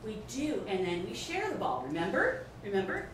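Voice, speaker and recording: A woman playing a patient preschool teacher who coaxes children in a slow sing-song voice, on an improv comedy stage. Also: medium pitch, huge pitch swings, a little hiss or hum, pitched below the performer's own voice. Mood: coaxing. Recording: echoey stage from a distance.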